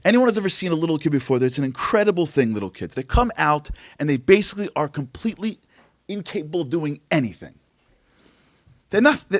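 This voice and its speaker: A man giving an impassioned inspirational talk at an event, firing rhetorical questions and swinging from loud to hushed. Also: high voice, no echo, studio quality. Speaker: speaker at a Tisha B'Av event. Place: event venue.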